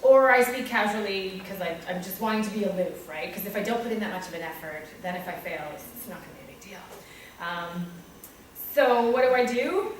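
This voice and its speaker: A woman's voice: medium pitch, fairly quick, slight background noise. A woman teacher with a Canadian English accent reflects on her own teaching practice in a candid, self-deprecating way, acting out little asides. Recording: echoey room, speaker far from mic, faint ambience.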